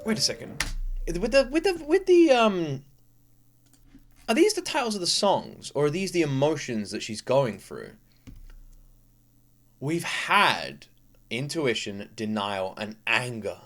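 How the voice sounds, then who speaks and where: British man, young, reaction host, excitable chatty delivery, animated swooping voice, higher pitch. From United Kingdom. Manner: excitable and chatty, quick to laugh, filler-heavy. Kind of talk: casual reaction commentary.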